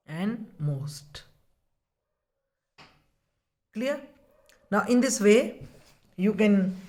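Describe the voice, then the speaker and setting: A woman teacher, explaining a grammar lesson to children slowly and deliberately, repeating the key words. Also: lowish voice, dark tone.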